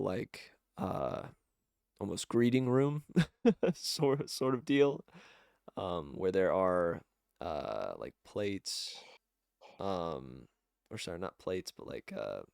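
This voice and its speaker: A man's voice: deep voice, expressive, slow pace, gravelly, long pauses, a little mellow, no room sound, studio quality. A man narrating a tabletop game as game master, rambling and correcting himself with many fillers.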